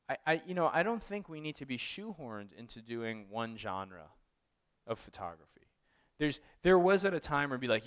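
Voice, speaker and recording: A man's voice: mid-range voice, a bit bright, smooth. A man giving a casual, anecdotal artist talk as a photographer, rambling with many fillers and restarts. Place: art gallery talk.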